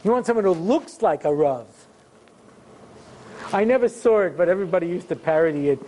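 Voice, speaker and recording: A man giving a rabbi's Torah lecture, telling stories with humor and animated asides. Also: high-pitched, a little fast, slight background noise. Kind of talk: storytelling lecture.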